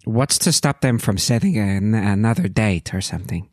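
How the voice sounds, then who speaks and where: A man playing a tabletop game, speaking in character in a polite, deadpan way. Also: on the low side, normal speed, no room sound, studio quality. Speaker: player.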